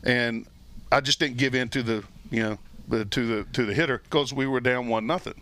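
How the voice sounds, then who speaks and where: An older man, a former baseball pitcher, telling stories in a relaxed, rambling chat with many restarts and fillers. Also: fairly quick. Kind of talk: casual storytelling chat.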